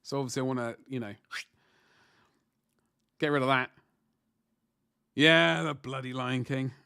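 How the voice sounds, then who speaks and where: A man's voice: medium pitch, unhurried, vocal fry, sharp tone, clear, resonant tone, dry recording, clean studio sound. A man in his forties chatting casually on a livestream while painting miniatures, rambling and self-deprecating as he answers chat. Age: 40s.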